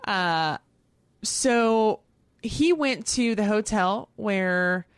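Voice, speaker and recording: A woman co-hosting a casual podcast chat, recapping plot in lively detail. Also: medium pitch, extremely slow, smooth, no echo, clean studio sound. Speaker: podcast co-host.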